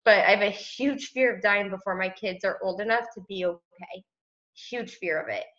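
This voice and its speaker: A woman's voice: medium pitch, normal speed. A woman leading a team video call, speaking casually and encouragingly with many "like"s. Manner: casual, soft-spoken, says "like" often. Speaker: team leader hosting a call. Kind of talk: casual motivational group call. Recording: dull lo-fi call audio.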